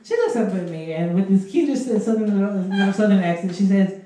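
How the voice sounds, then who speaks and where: A man doing a stand-up comedy set at an open mic, telling crude stories with a deadpan delivery. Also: high voice, a little fast. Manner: deadpan storytelling, crude punchlines. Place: small club at an open mic. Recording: very echoey room.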